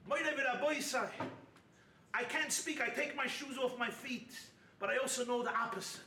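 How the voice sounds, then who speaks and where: A rabbi delivers a lively sermon in a high, bright, ringing voice, breaking into shouts to drive home his points and tossing in jokes along the way. He sounds a little distant from the microphone, and his voice fills a roomy retreat hall over a faint background hiss. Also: fairly quick. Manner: animated preaching, punctuated by shouted emphasis and humor.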